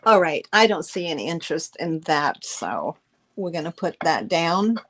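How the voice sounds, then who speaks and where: A woman's voice: low-pitched, lively intonation, moderate pace, a bit bright. A middle-aged woman hosting a live-stream sale, chatting effusively with viewers, with many fillers and restarts. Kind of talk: live-stream selling chat.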